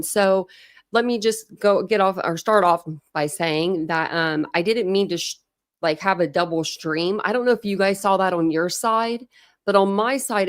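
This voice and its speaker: It's a casual true crime livestream hosted by a woman from Ohio, who keeps up a chatty, laugh-filled stream of greetings to viewers by name. Her pitch is medium, and the studio sound is clean without any room noise.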